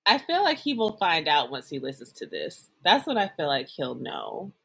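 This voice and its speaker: Giggly animated breathy woman. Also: low voice, normal speed. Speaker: podcast co-host. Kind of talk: casual chat.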